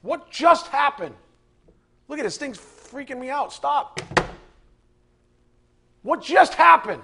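Gravelly man preaching fiery sermon. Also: very high voice, lively intonation, slow pace, long pauses. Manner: fiery, rising to angry shouting. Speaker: preacher teaching a Bible class.

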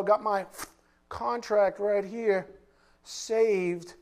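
A male preacher with a fairly high voice gives an animated sermon at normal speed. He throws blunt rhetorical questions at the room, alternating between loud emphasis and quiet asides.

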